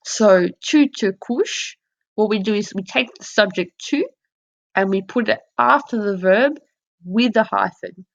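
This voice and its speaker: A woman's voice: mid-range voice, unhurried, vocal fry. A woman teaching a lesson over slides, explaining patiently and modelling example phrases. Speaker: French teacher. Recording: dull lo-fi audio.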